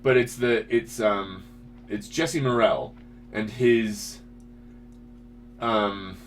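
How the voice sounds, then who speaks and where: A man, a parent, talking casually as host of his own commentary stream, animated and often restarting his sentences. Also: on the low side, drawn-out words, a little hiss or hum. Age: adult parent. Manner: animated, self-interrupting, frequent restarts.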